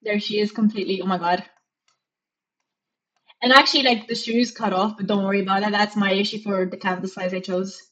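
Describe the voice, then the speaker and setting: A woman's voice: mid-range voice, steady tone, brisk, a bit bright, poor audio. A young woman from Romania with a mixed Romanian and British accent, chatting casually and rambling with frequent giggles as a live streamer. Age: young adult. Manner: giggly, rambling, self-mocking.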